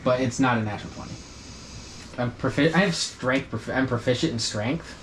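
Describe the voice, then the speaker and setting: A man's voice: medium pitch, brisk, a bit bright, recorded from a distance. A man playing a tabletop game, playfully describing what his character does. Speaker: player. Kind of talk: casual chat in a tabletop game. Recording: echoey room with faint noise.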